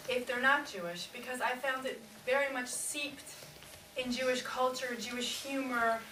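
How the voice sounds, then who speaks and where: A woman with a slightly high voice asks a question from the audience, hesitant and pausing as she goes. She sits far from the microphone, so her voice sounds roomy and echoing. Steady background noise runs underneath. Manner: hesitant, with ums and pauses. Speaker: audience member asking a question. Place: audience of a literary event. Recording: distant, roomy, noisy hall sound.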